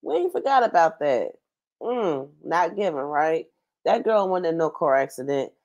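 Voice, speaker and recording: A woman's voice: sits low, sing-song, normal speed, a little mellow, dull audio. A woman hosting a reaction video, giving sassy, blunt, gossipy commentary.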